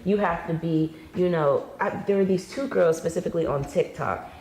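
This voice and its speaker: A woman's voice: on the low side, moderate pace, darkish tone, roomy sound, low-quality recording. A woman speaking candidly and wryly in a conversation, laughing at her own jokes. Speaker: guest in a discussion video. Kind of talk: conversational commentary.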